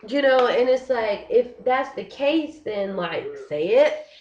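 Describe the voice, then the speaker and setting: A woman's voice: fairly high pitch, slow, highs cut off. Frustrated woman ranting on a vlog. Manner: frustrated, animated, heavy use of "like". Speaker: vlogger. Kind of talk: casual vlog rant. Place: living in Korea.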